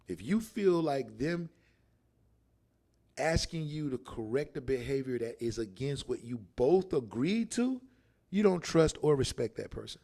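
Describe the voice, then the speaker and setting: A male podcast host giving an emphatic, theatrical monologue, sometimes shouting to make a point. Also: medium pitch, vocal fry. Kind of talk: animated monologue.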